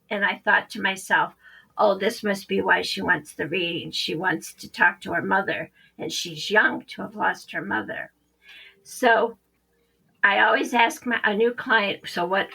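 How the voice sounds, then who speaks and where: A woman's voice: mid-range voice, gravelly, pushed and bright, slightly rough, low-quality recording. A woman psychic medium, a podcast guest, telling a story animatedly and acting out the quoted dialogue.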